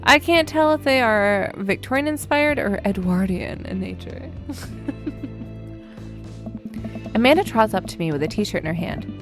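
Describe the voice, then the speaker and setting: Gravelly, animated woman streamer. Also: on the high side, slow, pauses often, faint music behind. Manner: chatty, laughing asides. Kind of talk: reading a visual novel aloud on stream.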